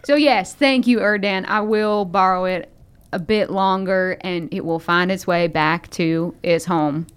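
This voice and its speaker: A woman playing a tabletop role-playing game, quick and joking. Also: on the low side, steady tone, clean tone. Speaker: player. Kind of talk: tabletop role-play banter.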